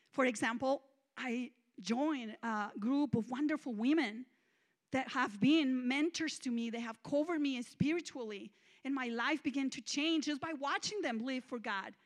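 High-voiced woman preaching her testimony. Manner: emphatic, confessional, swinging between loud and hushed. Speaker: guest minister. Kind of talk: testimonial sermon.

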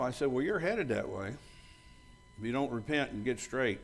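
A man's voice: mid-range voice, lively intonation, normal speed, gravelly. An older man preaching a sermon as pastor, bluntly telling stories and acting out both sides of the conversations. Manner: loud and bold when joking with the congregation.

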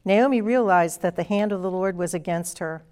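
A woman's voice: on the low side, moderate pace, a little mellow. Woman preaching an earnest sermon. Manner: earnest, emphatic, quotes scripture aloud.

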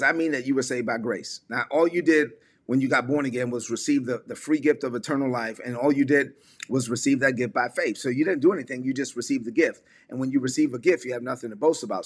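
A man's voice: medium pitch, quick pace, fairly bright tone. A man preaching a sermon to an online audience, emphatic and repetitive, calling on listeners to repeat lines aloud. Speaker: pastor.

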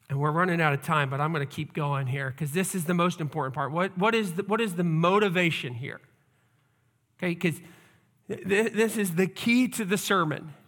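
A man's voice: high-pitched, sharp tone. A man preaching a sermon as pastor, earnest and emphatic, with lots of repetition.

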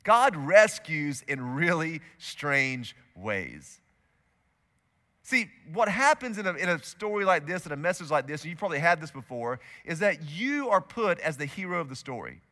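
A man preaching a sermon as a pastor, telling a story in a lively way and acting out its quotes. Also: sits high, fairly quick, hardly any pauses, long reverb tail. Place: church auditorium.

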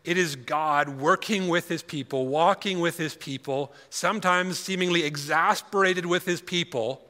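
A man giving a sermon as a guest speaker at a conference, reading scripture aloud with emphatic pauses. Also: on the high side, pushed and bright, big-room sound. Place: conference hall.

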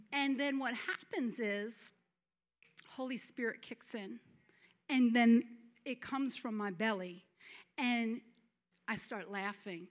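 High-pitched lady preaching with fervor, stumbles over words, laughs a lot. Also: takes it slowly, fairly bright tone. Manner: fervent, breaks into laughter, repeats words. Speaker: church speaker. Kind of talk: sermon testimony.

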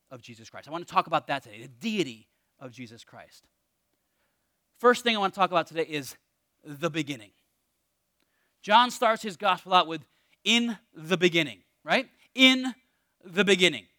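A man preaching a sermon in a conversational, energetic way, often dropping to a hushed emphasis. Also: high-pitched, dry recording, clean studio sound. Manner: energetic, conversational with emphatic drops to near-whisper. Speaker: pastor.

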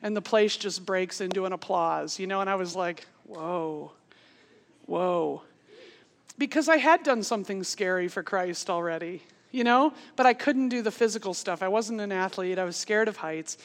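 A woman in her forties telling a funny personal story in a sermon, animated and laughing as she goes. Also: medium pitch, brisk, hardly any pauses. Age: 40s. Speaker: speaker. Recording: long hall reverb.

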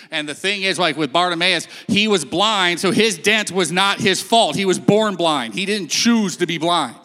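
A man's voice: high-pitched, moderate pace, hardly any pauses, pushed and bright. A man telling a Bible story on stage in a casual, storytelling way, acting out the quotes. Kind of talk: sermon-style talk. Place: stage in a large hall. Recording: long hall reverb.

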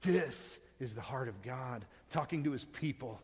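A man's voice: mid-range voice, expressive, a little slow, a little mellow, breathy edge. A man preaching a sermon, reading scripture aloud and then explaining it in plain conversational words. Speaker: pastor. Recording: long hall reverb.

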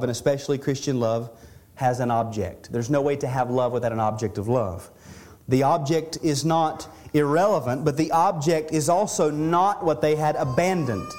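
A man's voice: a little high, unhurried, darkish tone. A middle-aged man preaching an expository sermon as pastor, earnest and conversational, often restarting and repeating words as he explains a passage.

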